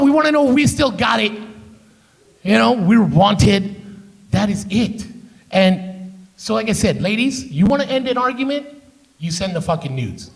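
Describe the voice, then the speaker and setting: Brash profane comedian, gravelly and high. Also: male voice, very animated, normal speed. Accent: Canadian English. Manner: brash, profane, crowd-teasing. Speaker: stand-up comedian. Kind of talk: live stand-up comedy. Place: live theater stage with audience.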